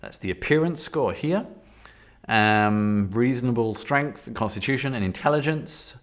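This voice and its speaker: A man's voice: medium pitch, animated, unhurried. A man casually thinking aloud as he sets up a solo tabletop game on a stream, rambling with frequent fillers and restarts. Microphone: desktop setup with camera.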